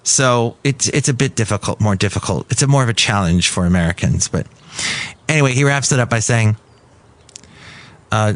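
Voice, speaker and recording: A man's voice: lowish voice, lively intonation, moderate pace, long pauses. A man hosting his own podcast, chatting in a rambling, digressive way and correcting himself as he goes. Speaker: podcast host. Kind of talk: rambling solo podcast chat.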